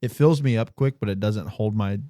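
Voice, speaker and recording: A man's voice: fairly low pitch, moderate pace, warm tone, dry recording. A man co-hosting a podcast, chatting casually in a rambling, self-correcting way. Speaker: podcast co-host. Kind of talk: casual chat.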